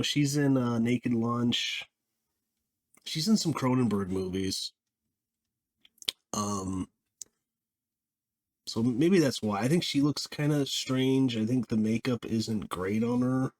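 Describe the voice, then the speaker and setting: A man's voice: medium pitch, a little mellow. Rambling man reviewing a film. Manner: rambling, halting, with frequent restarts and chuckles. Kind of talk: casual spoken movie review.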